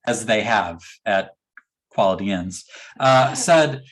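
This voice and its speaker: A man with a lowish voice speaks slowly through a motivational keynote, recounting a story and acting out its dialogue with lively energy.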